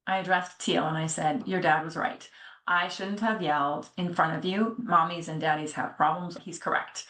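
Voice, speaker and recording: A middle-aged woman telling a personal story in a candid, animated way, often slipping into the voices of people she quotes. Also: lowish voice, normal speed. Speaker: podcast co-host. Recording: echoey room.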